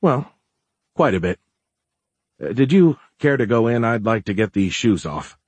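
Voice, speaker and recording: A man voicing a weary adult businessman husband who is earnest and dryly playful, speaking in an understated, soft-spoken way. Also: mid-range voice, very animated, unhurried, dry recording. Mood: teasing.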